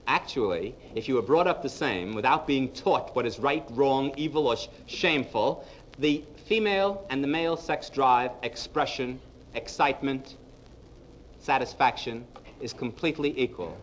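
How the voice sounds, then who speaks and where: A man's voice: mid-range voice, moderate pace, a little hiss or hum, rough recording. A man giving a humorous lecture on psychology to a live audience, telling jokes and speaking to the audience directly. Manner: lively storyteller, punchline-driven, addresses the audience directly.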